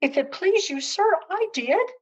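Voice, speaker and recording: A woman voicing a frightened, fluttery cook who pleads in a high, trembling voice. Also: animated, measured pace, dull audio.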